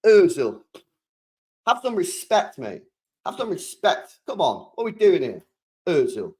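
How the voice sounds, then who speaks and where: A young British man hosting a football channel, chatting casually and excitably on a live stream, full of slang and repeating himself. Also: high voice, a little slow. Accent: British English.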